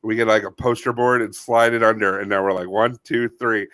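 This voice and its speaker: A man's voice: on the low side, steady tone, fast, a bit bright, clear, resonant tone, no room sound. A man co-hosting a comedy podcast, telling a rambling story in casual chat. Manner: rambling storyteller, playful bits. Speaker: podcast co-host.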